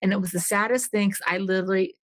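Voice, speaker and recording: A woman's voice: mid-range voice, fairly even intonation, quick pace, no echo. Earnest middle-aged woman, candid storytelling. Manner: earnest, rambling, often restarts and acts out quoted dialogue. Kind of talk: candid personal storytelling in a podcast conversation.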